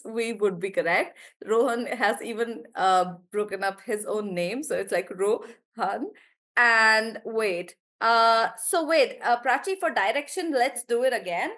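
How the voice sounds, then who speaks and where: This English teacher has a fairly high, fairly bright voice as she runs a live online class. Chatty and encouraging, she praises her students by name and keeps breaking into laughter between explanations.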